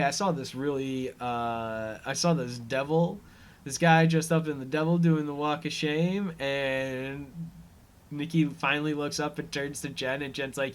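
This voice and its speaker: A man hosting a casual recap podcast, rambling through scenes with lots of fillers, chuckling and quickly acting out the characters' lines. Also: medium pitch, a bit bright. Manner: acts out characters' lines in quick offhand voices. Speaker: podcast host. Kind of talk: casual episode recap commentary.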